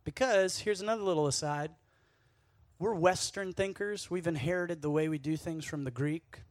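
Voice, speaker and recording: A young man preaching a casual youth sermon, energetic and jokey, telling stories with asides to the crowd. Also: a little high, normal speed, dry recording, studio quality. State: sweating, worked up. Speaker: speaker at a youth camp.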